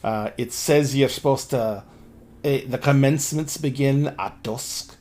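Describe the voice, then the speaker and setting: A man voicing a laid-back young man who shrugs off punctuality, talking slow and quiet. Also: medium pitch, voice pushed down, close to an everyday voice. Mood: unbothered.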